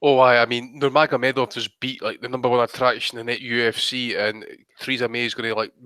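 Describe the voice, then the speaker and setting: Sweary podcast co-host. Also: male voice, medium pitch, level tone, bright, forceful tone, smooth, no echo. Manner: sweary and scornful, quick rants. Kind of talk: casual boxing chat.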